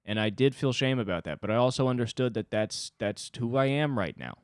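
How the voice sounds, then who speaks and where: A man's voice: medium pitch, expressive, fairly quick, clean tone, no room sound, clean studio sound. A young man hosting a solo podcast, telling a frustrated, profanity-laced story and reflecting on his own anger. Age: young adult. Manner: ranting, profane, self-reflective. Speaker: podcast host. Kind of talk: solo confessional monologue.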